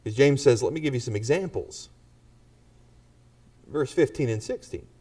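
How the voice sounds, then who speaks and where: A man's voice: medium pitch, animated, normal speed, mellow, recorded from a distance. A man preaching a sermon to a congregation and pressing them with pointed rhetorical questions. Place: church.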